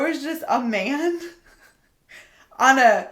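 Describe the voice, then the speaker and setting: A woman co-hosting a podcast in casual chat, telling stories in an animated way and laughing often. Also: mid-range voice, measured pace. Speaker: podcast co-host. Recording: roomy echo.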